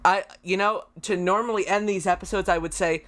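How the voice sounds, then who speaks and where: A male podcast host with a fairly high voice, dry and brief, keeping his replies short in a casual interview. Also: steady tone, brisk, fairly bright tone.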